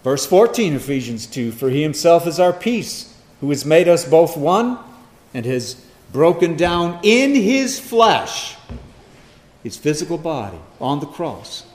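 A man preaching an expository sermon, emphatic, swinging between loud stress and hushed asides. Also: on the high side, sing-song, normal speed. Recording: echoey hall, long reverb.

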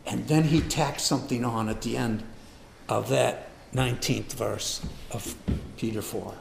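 A man preaching a sermon, repeating lines for emphasis and moving between quiet asides and loud bursts. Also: mid-range voice, unhurried, gravelly, echoey room, background noise. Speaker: pastor.

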